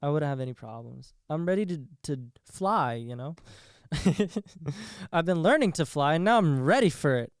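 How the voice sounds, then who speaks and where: A man's voice: a little high, expressive, moderate pace, no room sound, studio quality. A young man hosting a solo podcast, talking in a rambling, profane way and laughing at his own jokes. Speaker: podcast host.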